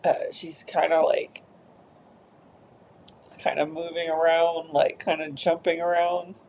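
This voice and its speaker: A woman therapist narrating an inner therapy session in a soft, hesitant way, with many fillers. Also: deep voice, little pitch movement, slow pace, a little hiss or hum.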